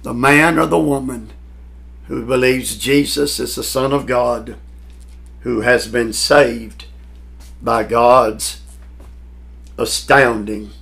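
A male pastor preaching a slow, deliberate sermon. His voice is gravelly and mid-pitched, and he leans on dramatic pauses and sudden swells in volume for emphasis. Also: fairly bright tone. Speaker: pastor teaching a Bible class.

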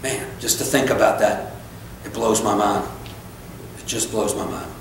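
A man's voice: fairly low pitch, fairly even intonation, a little slow, distant mic, slight background noise. A man preaching a sermon as pastor, emphatic and repetitive, breaking into casual asides and stories about himself. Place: church sanctuary. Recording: echoey church recorded from afar.

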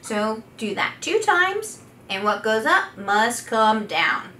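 Woman voice therapist demoing exercises, kinda high voice, roomy echo, a little background hiss. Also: big pitch swings, slow. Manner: coaching, demonstrating loud sustained vowels. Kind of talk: instructional voice exercise demo. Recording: echoey room, faint background noise.

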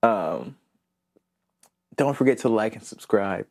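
A man's voice: on the low side, lively intonation, slow pace, vocal fry, darkish tone. A man co-hosting a podcast, chatting casually in a loose, profane, laid-back way. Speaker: podcast co-host. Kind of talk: casual chat.

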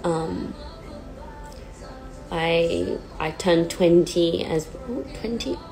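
A young woman in her twenties talks slowly into her phone, pausing often, with many fillers. Her voice sits a little low, nervous and close to tears, and she is quick to put herself down. A sad song plays faintly behind her. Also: a little mellow, soft background music, poor audio. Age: 20s. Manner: halting and hesitant, self-deprecating, many fillers. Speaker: pop singer on a livestream. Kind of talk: casual livestream chat. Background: sad song playing faintly.

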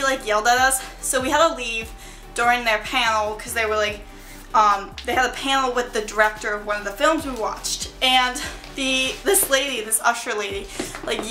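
Young woman, bubbly rambling vlog chat, slightly high voice, a bit out of breath, soft music behind. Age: young adult. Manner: bubbly and rambling, lots of fillers and laughs. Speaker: vlogger. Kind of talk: chatty vlog. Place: her bedroom at home.

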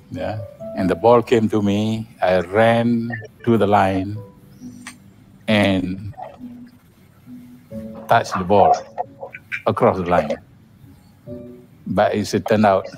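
A man, a college alumnus, slowly recalling a school football match with pauses. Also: lowish voice, darkish tone. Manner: slow, halting recollection. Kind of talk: reminiscing talk.

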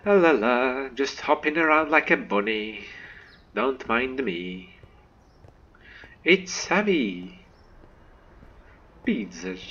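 Guy doing slow lively game commentary, bright voice, hums along, kinda dull lo-fi mic with faint music. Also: lowish voice, slightly rough. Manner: chatty, excitable, hums and sings to himself. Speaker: let's play host. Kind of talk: gameplay commentary.

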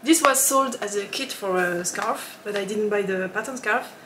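A woman hosting a knitting podcast in a casual, chatty way, often laughing and pausing with ums. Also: medium pitch, fairly bright tone, roomy sound, a little hiss or hum. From lives in Switzerland.

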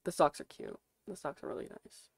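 A young woman from the United States chatting casually on a stream, swearing freely and reacting out loud as she browses. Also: fairly quick, dry recording.

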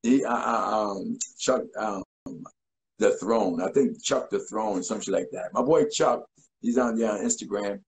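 A man in his forties, a guest in a casual interview, telling stories in an animated way and acting out quotes. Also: on the low side, measured pace, a little hiss or hum, rough recording. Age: 40s. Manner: animated, acts out voices and quotes.

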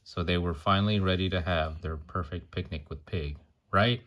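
A man's voice: deep voice, normal speed, noisy background. A man reading a picture book aloud to a child in a playful way, singing the rhymes and stopping to chat and ask questions. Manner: playful, sings the rhymes, chats and asks questions between pages.

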